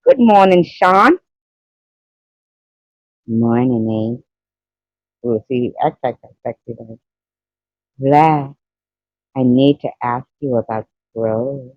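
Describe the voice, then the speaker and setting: A woman's voice: a bass voice, fairly even intonation, slow pace, pauses often, dark tone, no echo, highs cut off. A woman hosting a casual livestream, rambling, reading out chat comments and laughing often between remarks. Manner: rambling, reads out chat comments and greets viewers. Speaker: livestream host. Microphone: phone.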